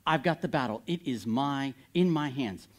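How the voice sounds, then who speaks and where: A man voicing God as calm, direct and reassuring, in a sermon. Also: medium pitch, normal speed, voice pushed down, natural voice. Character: calm commanding deity, male.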